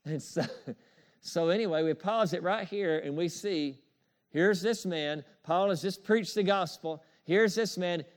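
A man's voice: high-pitched, measured pace. A man preaching a sermon in an emphatic, repetitive style, calling for amens and chuckling as he goes. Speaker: pastor.

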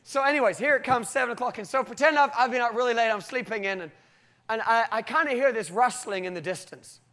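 A man preaching a sermon with animated storytelling and emphatic, halting restarts. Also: very high-pitched. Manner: animated storytelling, often breaking into acted voices.

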